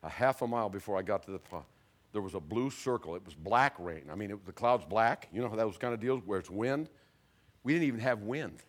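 A male pastor preaching a sermon, telling stories animatedly and dropping very soft at dramatic moments. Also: fairly low pitch, a little fast. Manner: animated storyteller, acts out voices, drops very soft for dramatic moments. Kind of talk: sermon with storytelling.

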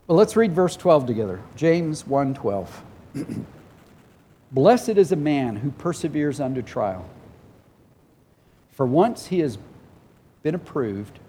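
Slow and pausing often, this preacher speaks in a very animated, slightly high voice with a dark tone, over slight background noise. Emotional and earnest to the point of tears at times, the pastor hammers home phrases through repetition and acts out the words of God and people as quotes.

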